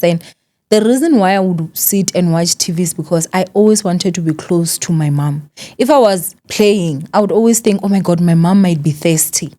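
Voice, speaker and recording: 30s woman hosting a sit-down interview, low mellow voice, gentle, lots of soft mm-hmms. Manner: gentle, frequent murmured encouragement. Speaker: interview host.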